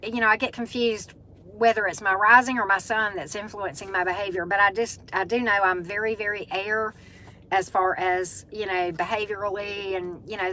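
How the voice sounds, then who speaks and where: Casting: middle-aged Southern US woman, chatty live-stream host, bright tone, easygoing pitch. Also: a little hiss or hum, rough recording. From Southern United States. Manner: chatty, greets viewers by name, many fillers. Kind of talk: casual live-stream chat.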